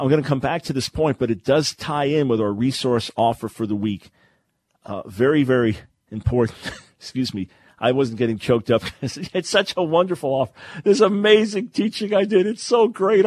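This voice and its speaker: A man's voice: on the low side, dry recording. A man hosting a radio show and teaching from the Bible in an emphatic, preacherly way, repeating his key phrases.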